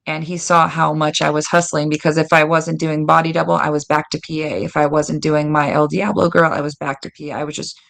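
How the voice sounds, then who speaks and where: A woman guest telling lively stories in a casual interview, acting out quoted dialogue. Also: sits low, a little fast, vocal fry, few pauses. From United States. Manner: animated, lots of "like" and quoted dialogue. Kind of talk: casual storytelling.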